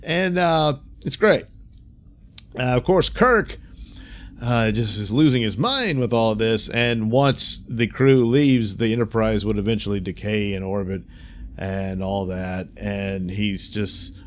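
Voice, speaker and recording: A man's voice: lowish voice, a little hiss or hum. A man casually recapping and reviewing a TV episode, chatty, with frequent laughs and fillers. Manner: chatty, laughs often, many fillers, quick voice impressions. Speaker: reviewer, host.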